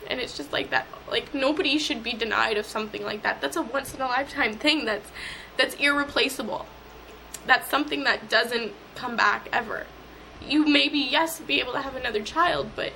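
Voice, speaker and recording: A young woman recounts a distressing personal experience in an interview, her voice slightly high and strikingly bright. She speaks haltingly, circling back over the same words. A faint hiss of noise sits under the recording. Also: creaky, rough recording. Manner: emotional, halting, repeats words.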